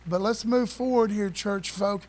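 A man with a fairly high voice preaches to his congregation in a loose, conversational way. He leans hard on key phrases and keeps throwing rhetorical questions at the listeners. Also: measured pace, a little mellow. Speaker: pastor. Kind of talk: sermon.

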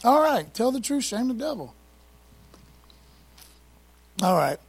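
Excitable high-voiced husky preacher man. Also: slow pace. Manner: casual, conversational preaching with slang and asides; excitable, speeds up when fired up. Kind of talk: sermon.

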